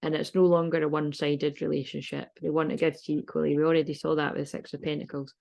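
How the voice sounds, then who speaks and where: British lady doing a chatty tarot reading, bit of fry in her voice, rambles and swears, laughs a lot. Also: deep voice, level tone, fast, darkish tone. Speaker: tarot reader.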